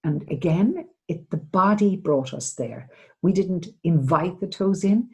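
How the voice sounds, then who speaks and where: A middle-aged woman therapist from Ireland giving a seminar talk, speaking gently and reflectively with hesitant restarts. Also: fairly low pitch, animated, measured pace, husky, poor audio. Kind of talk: seminar talk, answering a question.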